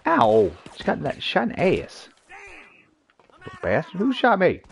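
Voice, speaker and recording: A man's voice: sits high, huge pitch swings, measured pace, gravelly, long pauses, muffled recording, a little hiss or hum. A man streaming an online shooter game, joking, swearing and talking to himself and his teammates as he plays. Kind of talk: live gameplay commentary.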